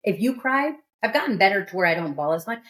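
A woman's voice: mid-range voice, lively intonation, quick pace, fairly bright tone. A woman hosting a studio podcast, talking candidly and emphatically in casual chat. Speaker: podcast host.

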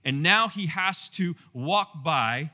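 A male pastor giving a casual Bible teaching, telling the story in a playful, animated way with asides to the congregation. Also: on the high side, takes it slowly.

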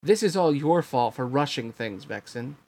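A scornful young woman villain in a storybook reading, sharp-tongued and dismissive, voiced a touch higher than the reader's usual tone, as a man puts her on. She sounds like she can barely be bothered. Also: lively intonation, moderate pace.

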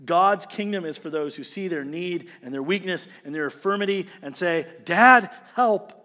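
A male pastor preaching a sermon, animated, swinging between loud emphasis and quiet, earnest passages. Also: a little high, normal speed, in a large hall.

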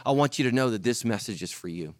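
A middle-aged male pastor preaching a sermon, telling stories and acting out voices with lively energy. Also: medium pitch, fast, dry recording. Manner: animated storytelling, acts out voices.

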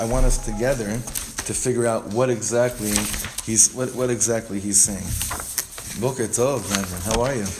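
A man's voice: fairly low pitch, noisy background. Man teaching a casual text class. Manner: explains step by step, repeats phrases, frequent restarts.

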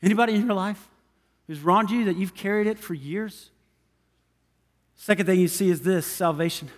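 A man's voice: high-pitched, moderate pace, in a large hall. A man preaching a sermon as pastor in a church, with an emphatic, repetitive cadence. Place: church sanctuary.

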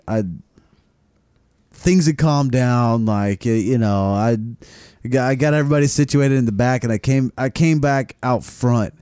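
A man hosting a podcast, telling a story in casual chat as an excitable, foul-mouthed storyteller. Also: mid-range voice, clear, resonant tone, no echo, studio quality. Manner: excitable storyteller who swears a lot. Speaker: podcast host.

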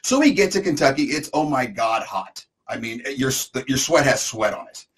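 Man, middle-aged, co-host, rambling comic storyteller, exaggerates, medium pitch. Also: sing-song, normal speed. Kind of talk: casual storytelling chat.

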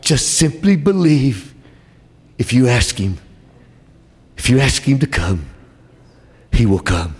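A male preacher delivering a sermon, with an impassioned delivery that swings from shouted high lines to soft, low passages. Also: very animated, a little slow, pauses often, slightly rough.

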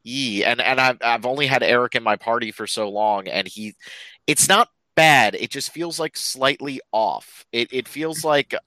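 A man chatting on a game podcast with a bright, clear voice. He jokes a lot and doubles up his words when he starts a thought. The recording is close and dry. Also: medium pitch, normal speed, no room sound, poor audio. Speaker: podcast co-host. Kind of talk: casual game discussion chat.

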